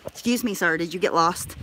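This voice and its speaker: Woman, out of breath, bright tone, chatty, swears a lot, phone stream outdoors with faint noise. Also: fairly low pitch. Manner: chatty, swears casually, laughs often. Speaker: live-streamer. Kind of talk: casual chat while walking. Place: outdoors in a crowded park. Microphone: handheld phone camera.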